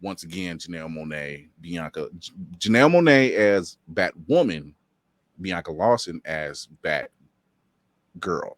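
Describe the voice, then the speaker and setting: A man co-hosting a casual chat, animated, laughing often and acting out quotes. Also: low voice, slow pace, no room sound. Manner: animated, laughs a lot, mock-quotes others.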